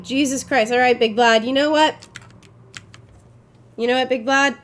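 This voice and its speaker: A young woman livestreaming a game, talking in a loose, casual way to her chat. She swears freely and mutters her thoughts as she plays. When things go wrong she jumps into loud, exasperated outbursts before settling back down. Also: sits high, fairly even intonation, unhurried, long pauses, a little hiss or hum. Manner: casual and chatty, swears, flares up loudly when frustrated. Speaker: streamer. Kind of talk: live gameplay commentary.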